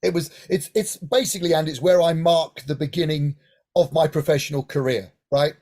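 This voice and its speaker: A middle-aged man from Hampshire, England, telling lively stories in an interview and often checking in with "right?". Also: on the high side, fairly quick. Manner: animated anecdotal, frequent "right?" asides. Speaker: guest singer-songwriter. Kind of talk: casual interview storytelling.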